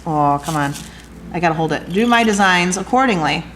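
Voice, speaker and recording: A woman teaching a glass jewelry craft, chatty and excitable, talking straight to her viewers as she works. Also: lowish voice, brisk, a little hiss or hum. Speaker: glass art instructor. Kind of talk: hands-on craft demonstration.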